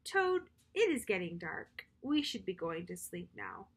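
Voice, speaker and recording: A woman voicing a calm, kind male frog who is a loyal friend, reading a bedtime storybook in a gentle, helpful way. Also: mid-range voice, measured pace, breathy edge, heavily acted.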